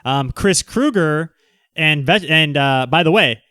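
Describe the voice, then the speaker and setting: A man hosting a casual livestream, talking loosely and jumping between asides to the people watching. His voice comes across smooth and resonant. The sound is close and dry, with no room around it. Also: fairly high pitch, lively intonation, pushed and bright, no room sound. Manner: rambling, quick asides to viewers. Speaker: livestream host.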